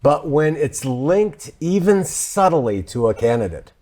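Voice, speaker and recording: A man hosting a casual faith panel discussion, animated and jokey. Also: a little high, measured pace. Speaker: host.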